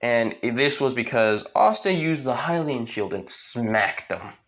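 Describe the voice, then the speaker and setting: A man's voice: medium pitch, animated, measured pace, a bit bright. A man casually narrating a fan story in a rambling, loose way.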